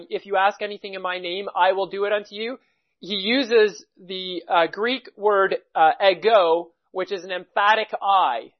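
A man preaching a sermon, teaching at a measured pace and reading scripture passages aloud. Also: sits high, dull audio.

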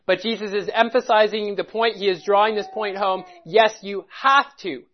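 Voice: mid-range voice, normal speed. A preacher giving a verse-by-verse Bible teaching, speaking in an emphatic, methodical way and stopping to stress key words. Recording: dull lo-fi recording.

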